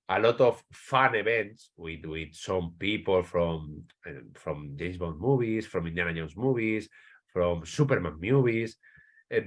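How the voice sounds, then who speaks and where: A man from Spain with a Spanish accent, a writer interviewed as a guest, speaking English as a second language with many restarts. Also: fairly low pitch. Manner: halting, many restarts, searching for English words. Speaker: author, guest. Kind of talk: interview answers.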